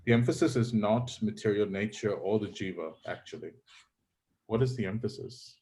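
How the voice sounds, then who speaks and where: A man teaching an online scripture class, questioning his students in a measured, probing way with frequent fillers. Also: lowish voice, a little mellow.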